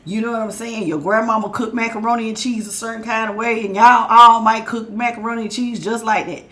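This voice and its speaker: A woman's voice: fairly high pitch, steady tone, brisk, fairly bright tone. A woman from the South, doing a chatty tarot reading while sick with a sore throat. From Southern United States. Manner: chatty, folksy, calls listeners y'all and baby. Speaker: tarot reader. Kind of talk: casual spiritual reading.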